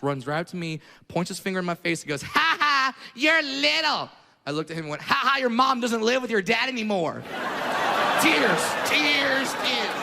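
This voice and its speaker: A brash male comedian works a live crowd with crude, punchy delivery that climbs into shouts. His voice is high, bright and gravelly. The sound carries a long hall echo, with a faint audience and room noise behind him. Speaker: stand-up comedian. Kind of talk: stand-up comedy set. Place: comedy stage in a large venue.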